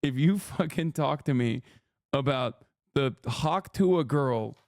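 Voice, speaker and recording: A man's voice: medium pitch, animated, slow pace, vocal fry, a little mellow, no room sound, studio quality. A man giving casual livestream commentary, ranting in disbelief with plenty of swearing and laughter. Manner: profane, incredulous ranting with frequent laughs.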